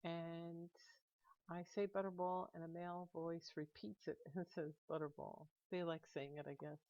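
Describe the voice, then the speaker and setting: A woman's voice: fairly low pitch, level tone, moderate pace, no echo, dull audio. A woman narrating her paranormal vlog in a plain, chatty way, explaining things step by step. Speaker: paranormal vlogger. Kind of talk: casual narration over clips.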